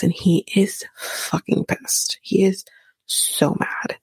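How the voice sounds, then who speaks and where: A woman's voice: on the low side, creaky, a little mellow, breathy edge, no room sound. A woman giving a whispered reality TV recap in a casual, profane way, laughing now and then as she talks.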